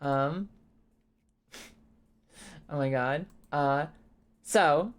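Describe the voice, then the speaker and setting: A young woman streamer chatting casually and congested, rambling, swearing freely and breaking into high laughs. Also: extremely slow. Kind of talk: casual live-stream chat.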